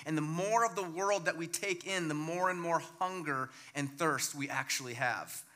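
A man preaching a sermon as pastor, emphatic and swinging between loud points and hushed low lines. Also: normal speed.

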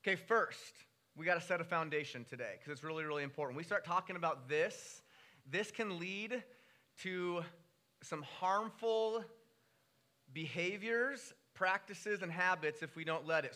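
A man in his thirties preaching a sermon, telling a story with animated, rising delivery. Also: unhurried. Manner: animated storytelling, pitch jumping when excited. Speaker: pastor.

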